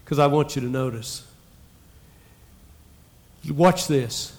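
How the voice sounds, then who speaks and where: A male pastor preaching a sermon in a church, emphatic with dramatic pauses. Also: medium pitch. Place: church sanctuary.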